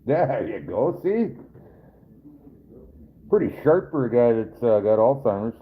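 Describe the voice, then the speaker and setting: A man's voice: medium pitch, sing-song, a little slow, a little hiss or hum. A man hosting a casual live stream as a trapper, chatting with viewers in a rambling, folksy, joking way. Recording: tinny phone-like sound.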